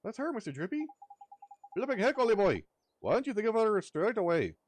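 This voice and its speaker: A man voicing a loud, cheeky little male fairy sidekick who talks in a brash, bossy, slangy way. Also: high voice, big pitch swings, brisk, a little hiss or hum, voice pushed up. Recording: faint music behind.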